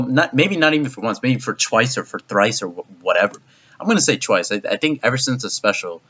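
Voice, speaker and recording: A man's voice: mid-range voice, pushed and bright. A man casually reviewing an anime episode, rambling with lots of fillers and swearing. His voice jumps up in disbelief. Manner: rambling and profane, heavy use of "like". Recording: dull lo-fi recording.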